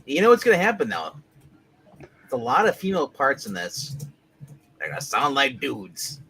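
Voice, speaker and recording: Chatty reader with a very lively pitch. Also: moderate pace, slight background noise. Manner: laughing, chatty. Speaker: comic book reader. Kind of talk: live comic reading with banter.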